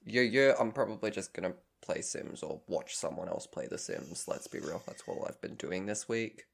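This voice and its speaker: A man's voice: lowish voice, animated, normal speed, creaky. Dry teasing man podcast host. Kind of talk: casual chat.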